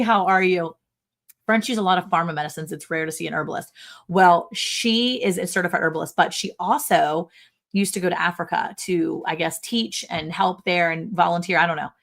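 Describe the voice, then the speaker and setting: A woman hosting a casual livestream chat, telling stories in a chatty, animated way and laughing often. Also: on the low side, fast talker, vocal fry. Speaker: livestream host.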